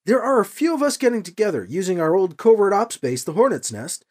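A man's voice: high voice, big pitch swings, a little fast, darkish tone, voice pushed up. A man voicing an earnest young male rebel on the run, speaking in an urgent, defensive way in a storybook reading.

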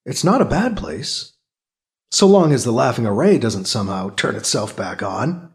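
A man as a musing male space pilot, lively pitch. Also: normal speed. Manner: musing inner monologue.

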